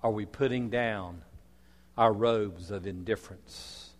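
A man preaching a sermon, telling stories dramatically, swinging from loud declarations to soft asides. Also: on the low side, takes it slowly. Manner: dramatic storytelling with wide swings in loudness. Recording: long hall reverb.

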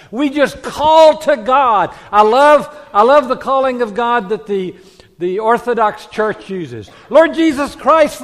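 A man preaching a sermon as a pastor, telling a story with hushed quiet passages and rising emphatic peaks. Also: high voice. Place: church sanctuary. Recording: long hall reverb.

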